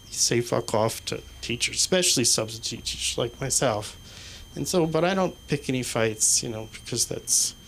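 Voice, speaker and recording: A man doing stand-up in a small comedy club, rambling and halting, swearing constantly. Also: medium pitch, gravelly, a bit bright, slight background noise. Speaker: stand-up comic. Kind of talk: stand-up set.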